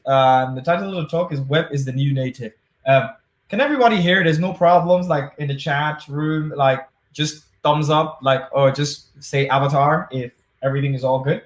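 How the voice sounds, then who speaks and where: A man's voice: medium pitch, reverberant. A man giving a conference talk over a video call, chatty and self-deprecating with many fillers. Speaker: tech conference speaker.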